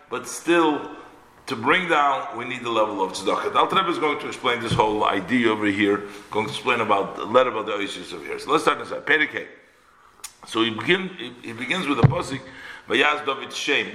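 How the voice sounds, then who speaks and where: Bright-voiced man teaching in a roomy space. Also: medium pitch. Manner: reads a phrase in Hebrew, then explains it in English, with frequent restarts. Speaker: Torah teacher. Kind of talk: line-by-line text study lecture. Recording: roomy echo.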